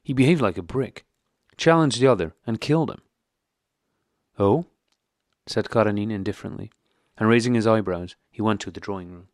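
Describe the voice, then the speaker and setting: A man reading a classic novel aloud as an audiobook narrator, in a calm, steady way. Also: on the low side, fast, dry recording, studio quality.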